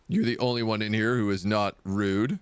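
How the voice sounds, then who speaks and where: A man's voice: lowish voice, moderate pace, clean tone, no echo. A man streaming a video game, chatting casually and reading the game's text aloud.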